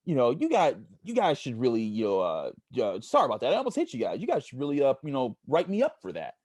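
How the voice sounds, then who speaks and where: A man's voice: mid-range voice, wildly swooping pitch, fast talker, darkish tone, no echo, studio quality, pitched above the performer's own voice. A man playing a brash male police officer in a retold story, speaking insistently with a raised voice.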